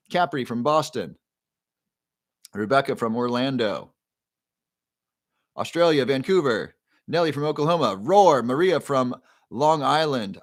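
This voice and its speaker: A man of forty hosting a casual livestream, reading viewer comments aloud and greeting each by name in an upbeat way. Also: mid-range voice. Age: 40s. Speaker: livestream host.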